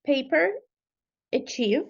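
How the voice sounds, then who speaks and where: Woman student on a call saying words slowly, kinda high voice, muffled audio. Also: expressive, creaky. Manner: slow, careful repetition of words. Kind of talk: practicing pronunciation aloud. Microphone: video call. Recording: dull lo-fi video call audio.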